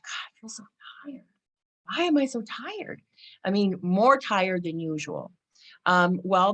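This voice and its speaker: A woman in her forties from California gives a casual spiritual talk to camera. Her voice sits a little low, and she keeps checking in with her listeners, breaking into playful exclamations now and then. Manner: chatty, frequent "right?" and "you know", acts out exclamations. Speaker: spiritual vlogger.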